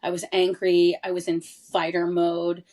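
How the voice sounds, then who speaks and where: A woman's voice: fairly low pitch, completely flat delivery, unhurried, dark tone. A woman in her forties, a podcast guest telling a personal family story in an earnest, candid and emphatic way. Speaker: interview guest. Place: lived abroad in Europe.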